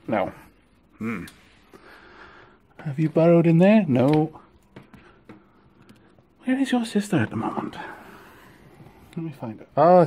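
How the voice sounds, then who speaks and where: A man filming a casual vlog of his pet ferrets, cooing to them in gentle baby talk. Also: a little high. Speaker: vlogger.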